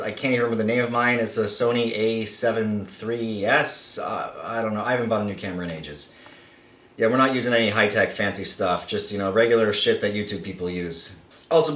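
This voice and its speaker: A man's voice: medium pitch, fairly bright tone. A man hosting a casual vlog to camera, playful and self-mocking, rambling as he talks. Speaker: channel host. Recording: roomy, slightly distant mic.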